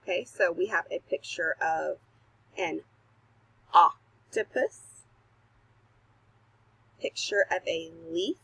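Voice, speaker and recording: A woman teacher talks young children through letter sounds in a recorded home lesson, slow and patient with careful pauses. Her voice is bright but a little breathy, and the recording is dry and close. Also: on the low side, dry recording, low-quality recording. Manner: self-deprecating, laughs at her own slips. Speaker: kindergarten teacher. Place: home recording, not a classroom.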